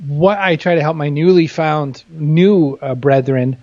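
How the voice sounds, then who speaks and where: A guest author talks candidly and with humor in a casual interview, often putting himself down. His fairly high voice is unhurried and darkish in tone, and the audio is dull with no echo.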